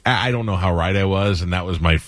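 A man from New York hosts a radio interview in a very deep voice, chiming in with quick reactions and joking asides. His sound is dead dry, with no room around it. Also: a bit bright, dry recording. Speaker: radio show host. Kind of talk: casual interview chat.

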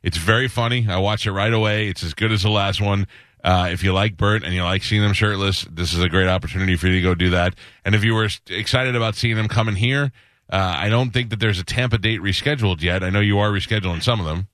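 Low-voiced relaxed radio host man. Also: dry recording, studio quality. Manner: relaxed, chatty, quick asides. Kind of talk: casual radio interview.

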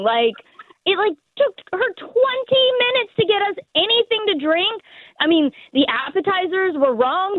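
A woman's voice: high voice, dry recording. A woman calling in to a radio chat, ranting indignantly and saying "like" often. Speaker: caller. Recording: tinny phone line.

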